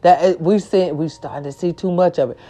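A woman's voice: fairly low pitch, fairly quick, warm tone, soft background music. A woman delivering an impassioned vlog rant. She is blunt and profane, and she repeats her phrases for emphasis. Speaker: vlogger.

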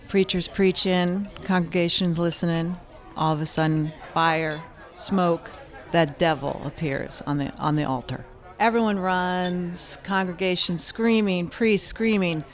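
A woman telling a joke with lively, fast-paced narration. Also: lowish voice.

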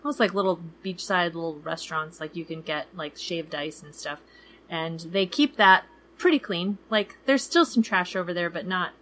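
A woman's voice: lowish voice, moderate pace, a bit bright. A woman in her thirties co-hosting a travel podcast in casual chat, talking loosely with many fillers and acting out people she quotes. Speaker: podcast co-host.

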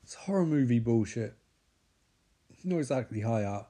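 A man's voice: mid-range voice, expressive, normal speed, warm tone. A man giving sarcastic running commentary on a movie he is watching, swearing and mocking the characters. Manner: sardonic, swears, mocks the characters in put-on voices.

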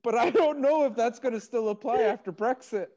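A man's voice: very high voice, brisk, warm tone. A man hosting a podcast in casual chat, joking, swearing freely and laughing often. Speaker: podcast host. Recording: muffled lo-fi recording.

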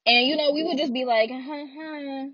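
Talking fast in a high voice, a young woman speaks frankly and bluntly about her life in a dry, muffled recording. Her candid personal monologue is animated, peppered with frequent laughter and asides.

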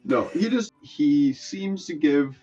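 A man's voice: fairly high pitch, expressive, slow pace, mellow, dull audio, soft background music. A man in a casual podcast chat, laid-back and giving short replies.

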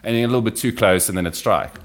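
A man with a notably deep, low voice speaks as a podcast guest. He tells his wildlife adventures in a relaxed, easygoing way, sinking into a hush over the quieter moments. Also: very fast. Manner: relaxed, anecdotal, drops to a hush when describing wildlife. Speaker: podcast guest, reptile field explorer. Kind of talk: casual conversational storytelling.

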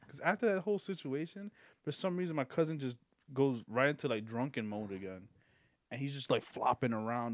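A man's voice: mid-range voice, dry recording. A young man on a podcast telling a long, profane story in a rambling, casual way, breaking into laughter now and then. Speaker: podcast guest.

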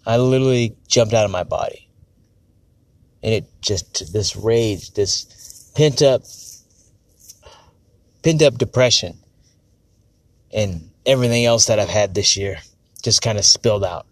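Low-voiced and tense, a man vents on his podcast at a measured pace, leaving long pauses. His monologue is rambling, blunt, and full of swearing and self-corrections. The recording has no room sound.

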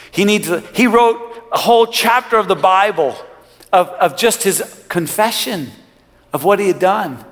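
A male pastor preaching a sermon, swinging from loud rising lines to quiet low ones. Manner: preaching with sudden loud rises and quiet drops. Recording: long hall reverb.

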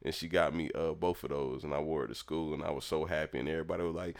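A young man telling a lively childhood story in casual chat, acting out the people in it. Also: very deep voice, fast, hardly any pauses. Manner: animated, acts out voices in his story. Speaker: storyteller talking with his mother.

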